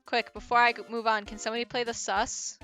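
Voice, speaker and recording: A woman's voice: a little high, little pitch movement, fast, fairly bright tone, soft background music. A young woman streaming a game, chatting casually with giggly, crude, self-mocking asides.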